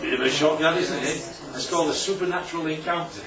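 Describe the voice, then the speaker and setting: A man's voice: fairly high pitch, a little fast, a crowd in the background. A man preaching a sermon in a chatty way, often asking the room questions. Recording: echoey hall from far off, dull.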